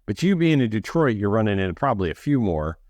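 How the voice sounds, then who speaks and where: Low voiced guy on a sports podcast call, really lively, dry mic, does little voices for people. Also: fast, no echo. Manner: animated, acts out quoted voices. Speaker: podcast co-host. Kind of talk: casual sports chat.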